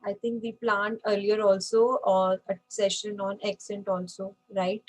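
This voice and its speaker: A woman's voice: mid-range voice, level tone, unhurried, rough recording. A woman teaching an online French class, patient and checking in with frequent okays.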